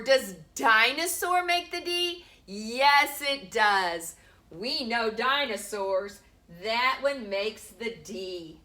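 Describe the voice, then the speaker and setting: A woman teaching preschoolers a phonics lesson from home, talking to the camera, sounding out letters slowly and with emphasis. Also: on the high side, expressive, bright, forceful tone. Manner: slow, sing-song, sounds out letters with emphasis. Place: home room.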